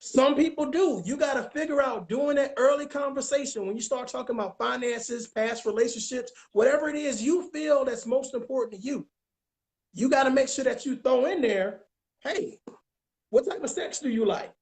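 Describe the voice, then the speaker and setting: A man's voice: very high voice, a little fast. Guy doing relationship coaching, talks emphatic, repeats himself a lot, keeps going "you understand". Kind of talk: casual advice talk.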